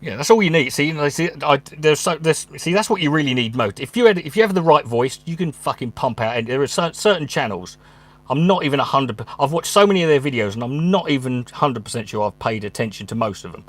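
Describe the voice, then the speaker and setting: A man's voice: on the high side, animated, fast talker, no room sound. A man, a stand-up comedian, talking casually at home in a rambling, sweary, stop-start way. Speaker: stand-up comedian and channel host. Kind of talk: casual monologue. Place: his room at home.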